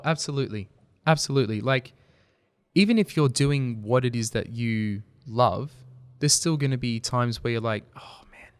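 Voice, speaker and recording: Earnest man with a smooth voice. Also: mid-range voice, no echo. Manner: earnest, storytelling, animated when making a point. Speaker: podcast guest, video company founder. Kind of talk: casual conversational interview.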